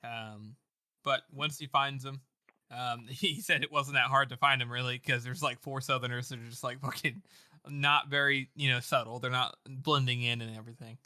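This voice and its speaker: A man's voice: mid-range voice, steady tone, normal speed, sharp tone, no echo, clean studio sound. A man co-hosting a podcast, rambling through a chapter summary in casual chat full of fillers and swearing. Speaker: podcast co-host. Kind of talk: casual book-club chat.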